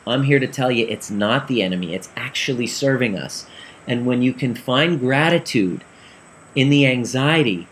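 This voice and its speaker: An earnest man recounts a session with clients and plays out their exchange with feeling. His voice sits at an ordinary middle pitch. A faint background noise runs under the recording. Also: normal speed. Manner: earnest, animated storytelling with quoted dialogue. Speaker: practitioner telling a client story. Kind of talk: storytelling talk.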